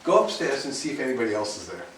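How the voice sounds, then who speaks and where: A man's voice: mid-range voice, big pitch swings, racing, fairly bright tone. A man teaching a cooking class to students, repeating himself and restarting his sentences, with the odd bold exclamation. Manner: repetitive, restarts often, switches to bold exclamations. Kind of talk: classroom lecture. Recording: echoey classroom, distant mic, faint hiss.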